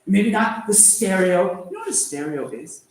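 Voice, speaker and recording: Animated sarcastic man teaching a class. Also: high voice, moderate pace, reverberant, a little hiss or hum, rough recording. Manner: animated and sarcastic, asking rhetorical questions. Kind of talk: lively lecture to students.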